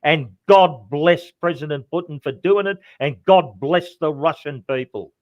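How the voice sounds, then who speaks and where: A man's voice: on the high side, a little slow, dry recording, dull audio. Impassioned Australian man, dry sound. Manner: impassioned, repetitive, keeps saying "mate". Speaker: guest. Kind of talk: political commentary chat.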